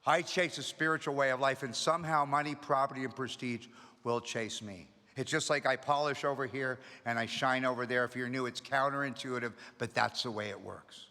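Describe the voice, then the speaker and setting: A man's voice: mid-range voice, steady tone, fairly quick, bright, forceful tone. A middle-aged man speaking at a recovery meeting, telling his story with energy and humor. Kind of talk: storytelling talk to an audience. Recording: long reverb of a hall.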